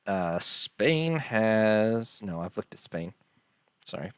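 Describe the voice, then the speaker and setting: A man giving casual, unhurried commentary on a strategy game, tired and yawning, filling pauses with ums and uhs. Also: on the low side, big pitch swings, clear, resonant tone, dry recording, studio quality. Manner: unhurried, listing details with many ums and uhs. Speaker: strategy game let's-player.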